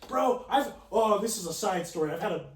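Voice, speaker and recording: A young man with a high voice and a lively, swooping delivery tells stories and laughs often, swearing freely. His voice sounds distant and roomy, picked up from a distance in an echoey space. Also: a little fast. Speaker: podcast co-host. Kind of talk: casual storytelling chat.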